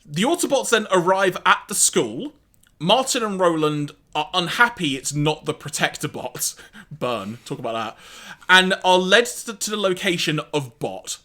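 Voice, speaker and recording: A man co-hosting a podcast, recapping an episode in a casual, animated way with wry asides and laughs. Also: high voice, measured pace. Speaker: podcast co-host.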